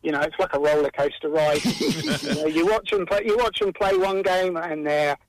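Over a muffled phone line, a caller to a radio show speaks hesitantly with plenty of fillers during a phone interview. His voice is a little high, his pace moderate, and there is background noise.

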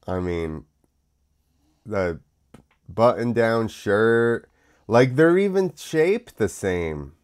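A man's voice: fairly low pitch, sing-song, extremely slow, long pauses, a little mellow, clear, resonant tone. A young man hosting his own show, talking casually in a sarcastic, ranting monologue that drifts off on tangents. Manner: sarcastic, mocking. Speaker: show host.

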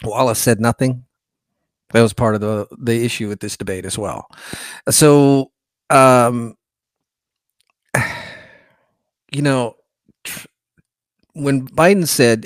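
A man's voice: medium pitch, takes it slowly, pauses often, no echo. Frustrated male podcast host, dry sound. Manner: frustrated, rambling, hesitant. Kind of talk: political commentary.

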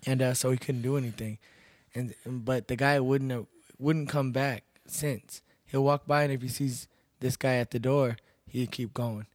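A man's voice: mid-range voice, steady tone, normal speed, dry recording, studio quality. A young man from Texas, a guest telling stories in a casual podcast chat, blunt and laid-back, swearing freely. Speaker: podcast guest, bouncer and MMA fighter.

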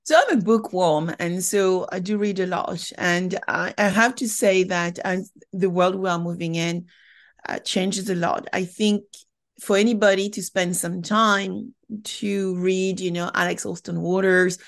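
A woman's voice: on the low side, measured pace. Chatty French-accented woman. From France. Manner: animated, chatty storyteller. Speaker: podcast guest, company founder. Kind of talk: conversational interview.

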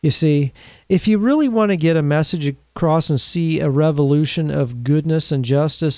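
Male commentator, slightly higher voice, mellow tone, emphatic and earnest, slows down for emphasis, dry close sound. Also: dry recording. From United States. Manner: asks the listener rhetorical questions. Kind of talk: opinion commentary.

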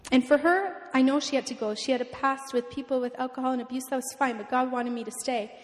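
A woman in her twenties, a missionary, telling a lively testimony to a church crowd and acting out the people in her story. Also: on the high side, fast talker. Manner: animated storytelling, acts out the people she quotes. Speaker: missionary speaker. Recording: long reverb in a large hall.

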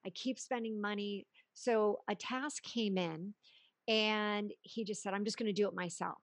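A woman hosting a podcast interview, chatting casually, encouraging her guest with quick laughs and short affirmations. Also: mid-range voice, steady tone, no echo, clean studio sound. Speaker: podcast host.

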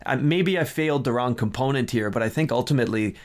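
Casting: man, mid-pitched, opinionated film critic, animated, casual podcast chat. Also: quick pace. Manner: opinionated, animated, frequent restarts. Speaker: film review podcast host.

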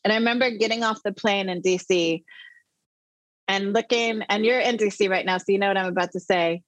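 A middle-aged woman, an interview guest, telling a personal story with animated emphasis. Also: mid-range voice, brisk, no room sound. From the Netherlands.

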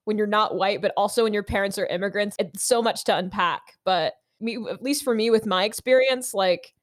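A woman's voice: medium pitch, fairly quick, no echo, studio quality. A woman with an American accent hosting a casual discussion, thinking aloud and filling gaps with "like". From United States. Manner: thoughtful, many fillers. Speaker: host.

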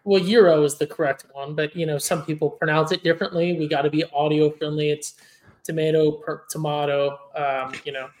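Higher-pitched rambling man podcaster. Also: steady tone, a little fast, few pauses, low-quality recording. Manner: rambling, many restarts and fillers. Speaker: podcast co-host. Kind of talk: casual chat.

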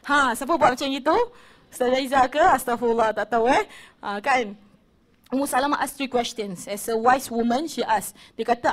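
Chatty Malaysian woman, higher voice. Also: fairly quick. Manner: chatty, switches between English and Malay. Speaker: religious speaker. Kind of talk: religious talk to an audience.

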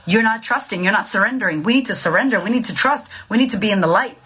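A woman's voice: mid-range voice, fast, a bit bright, husky. A woman, likely in her thirties, giving blunt, profane mental health advice in a casual, emphatic coaching monologue.

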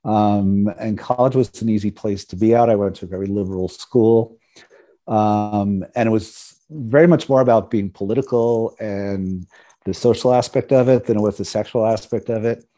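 A man's voice: lowish voice, normal speed, mellow. A man from New York, an interview guest, telling personal stories in a casual, humorous way and acting out the voices of people he quotes. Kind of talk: casual storytelling.

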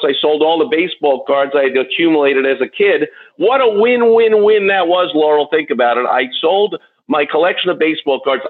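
A man's voice: high voice, slightly rough. Fired-up blunt-talking man on tinny radio. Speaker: business coach. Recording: tinny phone-like radio sound.

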